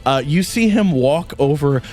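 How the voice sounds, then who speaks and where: Lively male game master narrating. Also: fairly high pitch, unhurried. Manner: animated, switching into character voices.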